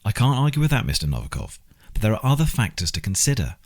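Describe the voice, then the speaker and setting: A man giving voice to an anxious compliance officer, earnest and insistent, his delivery lively and rising. A husky audiobook character pleading the case for caution. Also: on the low side, fast, voice pushed up. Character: anxious male compliance officer, expectant father.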